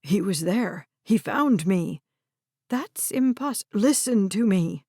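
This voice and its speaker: A woman's voice: mid-range voice, animated, slow, darkish tone, breathy edge, no room sound, studio quality, exaggerated voice. A woman voicing a frail, kindly old grandfather with a quavering, hesitant voice in an audiobook. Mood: confused.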